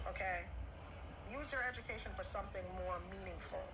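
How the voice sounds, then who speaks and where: A woman's voice: medium pitch, fairly quick, sharp tone, slight background noise, poor audio. An older woman who is a grandmother, delivering a scolding monologue, repeating her points. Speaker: vlogger being reacted to.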